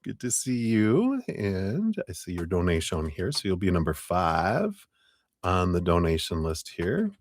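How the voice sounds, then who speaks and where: A man hosting a live tarot stream, greeting viewers by name, laughing often and muttering quiet asides. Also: low voice, huge pitch swings, unhurried, no room sound. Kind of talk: casual live-stream chat.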